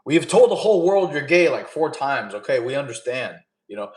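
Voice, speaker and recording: A man's voice: mid-range voice, moderate pace, darkish tone, reverberant. A man in his thirties hosting a casual live stream, reading chat questions and giving blunt, laid-back fitness advice. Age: 30s. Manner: casual, coaching, reads chat questions aloud. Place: camp fire stream setting.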